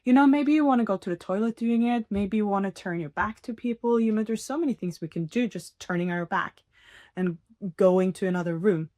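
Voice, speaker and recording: Woman hosting her own podcast, earnest and encouraging, mid pitch, chatty, laughs a lot. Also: fairly quick, darkish tone, no room sound, studio quality. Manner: earnest, encouraging, laughs often, many fillers. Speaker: podcast host. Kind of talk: casual solo podcast talk.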